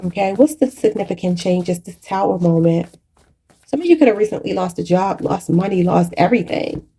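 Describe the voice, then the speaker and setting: A woman's voice: on the low side, animated, fairly quick, dark tone, breathy edge. A woman giving a channeled tarot reading in a preachy, spiritual way, often calling her viewers "y'all". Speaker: tarot reader.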